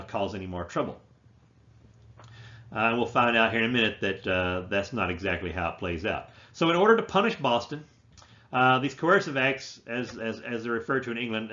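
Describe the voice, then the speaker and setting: A man delivers a history lecture in an unscripted way, stumbling through restarts and "uh" fillers as he explains. His voice sits at an ordinary middle pitch. The recording is a little dull and lo-fi. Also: a bit bright. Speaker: history teacher.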